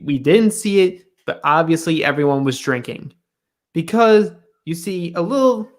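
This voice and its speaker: A man's voice: fairly high pitch, lively intonation, moderate pace. A man co-hosting a reality show recap in a casual chat, retelling scenes and briefly acting out the cast's lines.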